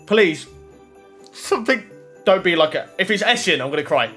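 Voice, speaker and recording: A young man giving casual pack-opening commentary, swinging from muttering to excited shouting. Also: high-pitched, normal speed, slightly rough, faint music behind. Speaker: gaming YouTuber. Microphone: desk microphone.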